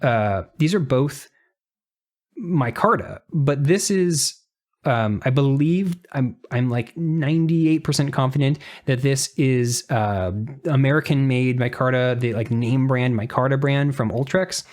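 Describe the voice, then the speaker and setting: A man's voice: mid-range voice, measured pace, a little mellow. A man giving a casual, detail-focused knife review, talking through what he shows with frequent restarts and fillers. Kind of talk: casual show-and-tell review.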